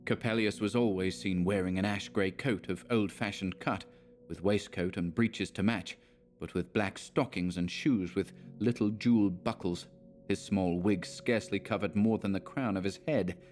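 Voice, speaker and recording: A man narrating a dark story in a measured, dramatic reading. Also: sits low, fairly even intonation, faint music behind.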